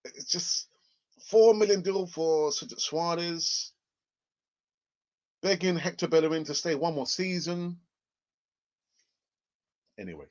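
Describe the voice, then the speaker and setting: A man hosting a live football news stream, chatty and rambling with sarcastic asides. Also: mid-range voice. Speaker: football channel host. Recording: dull lo-fi stream audio.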